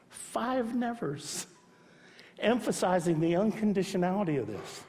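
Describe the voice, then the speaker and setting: A pastor delivering a sermon in a church sanctuary, his voice sitting a little high for a man. He presses his points hard, then drops into soft, hushed repetition. The sound rings with a long hall echo. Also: expressive, brisk. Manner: emphatic, swings between loud urging and soft hushed repetition.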